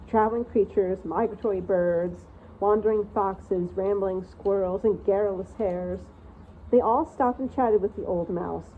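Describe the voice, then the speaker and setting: Lady reading a storybook out loud, expressive, phone-line tinny audio with faint hiss. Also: medium pitch. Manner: expressive, lively read-aloud narration. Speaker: reader of a channel read-aloud. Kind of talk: storybook narration.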